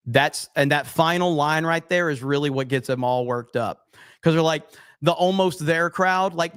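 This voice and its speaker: A man's voice: fairly high pitch, moderate pace, a bit bright, clear, resonant tone, no room sound. Blunt, profane man, dry close sound. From USA. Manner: blunt, profane, reads comments aloud. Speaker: streamer and commentator. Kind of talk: casual live commentary.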